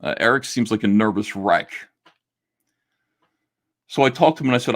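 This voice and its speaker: A man's voice: lowish voice, expressive, moderate pace, long pauses. A middle-aged man, a comic artist and YouTuber, talking to camera in a casual monologue, blunt and indignant, swearing and stumbling over restarts.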